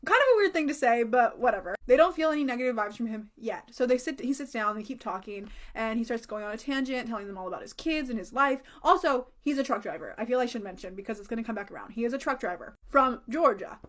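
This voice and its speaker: Woman, chatty storytime voice, somewhat high, lots of "like", casual swearing. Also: animated, quick pace, hardly any pauses.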